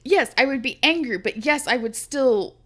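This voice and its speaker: Chatty woman, quick to laugh. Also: high voice, lively intonation, sharp tone. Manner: laughs often, swears casually. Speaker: podcast co-host. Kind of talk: casual chat.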